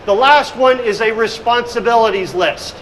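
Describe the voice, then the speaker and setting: A very high, fairly bright male voice speaks at normal speed over a rough recording with a little hiss or hum. In a conference room, this middle-aged hospitality consultant and speaker gives a talk on hospitality leadership, acting out scenes while telling energetic stories.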